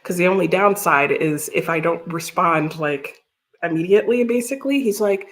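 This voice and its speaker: A woman's voice: on the low side, moderate pace. A woman hosting a live stream, chatting casually, often laughing and greeting viewers from the chat. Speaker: livestream host.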